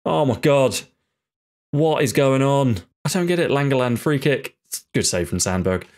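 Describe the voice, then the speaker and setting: A man's voice: mid-range voice, expressive, normal speed, darkish tone. A man commentating his own football management game, muttering and swearing in frustration as his team plays badly. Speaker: gaming YouTuber. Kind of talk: live football-sim commentary.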